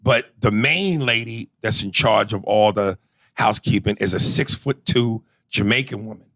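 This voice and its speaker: A man's voice: lowish voice, normal speed, no room sound. A man co-hosting a podcast, telling loose, profane stories in casual chat. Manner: profane, animated storytelling with impressions. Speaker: podcast co-host.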